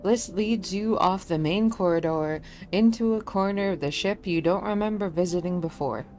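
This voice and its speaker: A woman's voice: on the low side, normal speed, a little mellow, a little hiss or hum. A woman streaming a game, casual and self-deprecating, reading the story text aloud.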